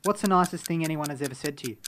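A man running a quick-fire quiz on a podcast in a brisk, steady voice. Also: fairly high pitch, slight background noise.

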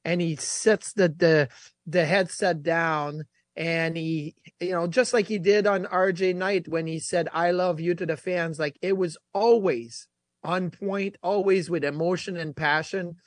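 A man's voice: a little high, fairly even intonation, a little slow, no echo. A man hosting a sports talk show, talking casually and with energy about past games. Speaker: sports radio host.

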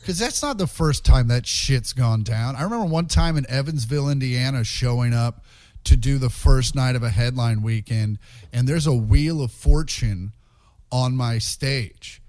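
A man, a stand-up comedian, telling road stories in a casual chat. He is profane and animated and acts out the quotes. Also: medium pitch, moderate pace, no room sound.

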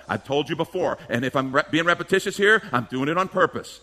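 A male pastor delivers a sermon with emphatic, questioning energy. His voice sits a little high and swoops widely as he drives each point home. The tone is bright and forceful. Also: expressive, fast, few pauses. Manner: emphatic preaching with rhetorical questions and mimicked voices.

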